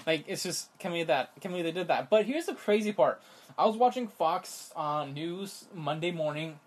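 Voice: medium pitch, fairly quick. A young adult vlogger ranting in a casual, rambling way, exasperated and incredulous, with constant "like" fillers and restarts. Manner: rambling, heavy use of "like" fillers. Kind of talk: casual rant to camera.

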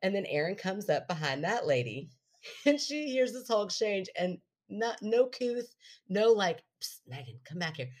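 A woman co-hosting a casual chat, telling a story with lively energy and frequent laughter. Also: medium pitch, normal speed. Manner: animated, laughs often while telling stories.

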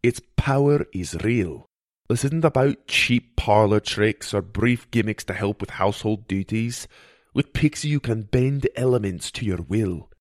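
A man's voice: fairly low pitch, unhurried, no room sound, studio quality, close to an everyday voice. A man voicing a wry, guarded fairy mentor. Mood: instructive.

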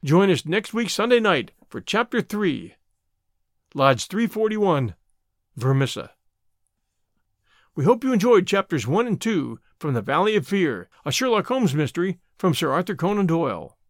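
Lively, dramatic male audiobook narrator. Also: normal speed, no room sound, studio quality. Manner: lively, dramatic reading that shifts pitch for dialogue. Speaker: audiobook narrator and podcast host. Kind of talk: audiobook reading with character voices.

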